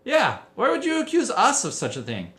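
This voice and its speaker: A man's voice: very high-pitched, huge pitch swings, moderate pace, fairly bright tone, pitched above the performer's own voice, full character voice. A man doing a mock-innocent teenage prankster. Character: mischievous teenage boy, twin prankster.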